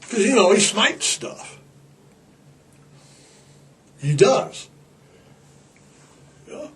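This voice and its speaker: A man's voice: high-pitched, big pitch swings, extremely slow, a bit bright. A man hosting a podcast in a rambling, irreverent comic monologue, profane and stammering over fillers. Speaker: podcast host.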